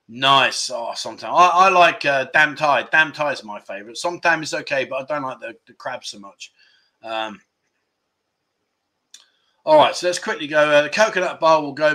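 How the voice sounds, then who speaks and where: A man's voice: medium pitch, sharp tone. A middle-aged man from England hosting a casual livestream, chatting, telling stories and reading viewer comments aloud. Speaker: livestream host.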